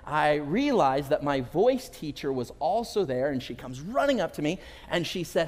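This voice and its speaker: A man preaching from the pulpit with a slightly high voice, sharing stories with humor and animated energy. The sound is a church recording with a long hall reverb around his voice. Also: moderate pace, hardly any pauses. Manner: storytelling, animated, self-deprecating humor. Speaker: pastor. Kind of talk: sermon. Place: church sanctuary.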